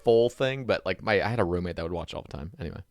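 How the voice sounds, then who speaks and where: A man hosting a podcast, chatting loosely and quickly, swearing often as he tells stories. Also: sits low, expressive, no room sound. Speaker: podcast host. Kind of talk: casual podcast chat.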